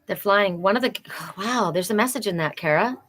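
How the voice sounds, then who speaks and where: A woman's voice: mid-range voice, normal speed. Earnest woman giving a card reading. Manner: earnest, animated, repeats phrases for emphasis. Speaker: oracle card reader. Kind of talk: live spiritual card reading.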